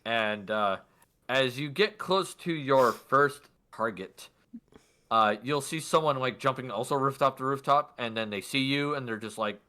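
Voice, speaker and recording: Bright-voiced man running a tabletop game. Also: medium pitch, measured pace. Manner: loose narration with many fillers. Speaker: game master.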